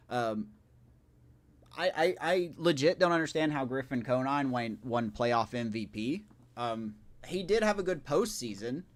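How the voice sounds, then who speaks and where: Man, live-stream gamer, casual commentary, rambling, self-correcting, chatty with viewers. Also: medium pitch.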